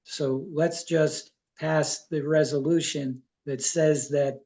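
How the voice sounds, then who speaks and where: A man with a fairly high yet mellow voice, speaking as counsel at a city zoning meeting. He lays out the provisions in a measured way and reads the legal wording slowly, one clause at a time. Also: steady tone. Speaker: town attorney. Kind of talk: public meeting discussion.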